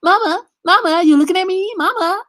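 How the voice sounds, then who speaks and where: A woman's voice: extremely high pitch, fairly quick, fairly bright tone, pitched above the performer's own voice. Woman doing a whiny little boy. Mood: nagging. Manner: repetitive, nagging. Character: whiny little boy pestering his mom.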